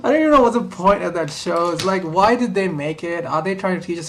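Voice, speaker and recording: A woman's voice: lowish voice, lively intonation, fast talker, hardly any pauses, roomy sound, a little hiss or hum. A woman chatting casually to camera while doing her makeup, rambling and talking to herself in asides. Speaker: vlogger. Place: small room at home.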